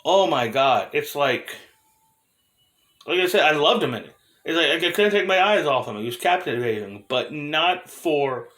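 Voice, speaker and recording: A man's voice: fairly high pitch, animated, measured pace, a bit bright. A man in his thirties giving a casual, profane film review, talking loosely with fillers, restarts and frequent laughs.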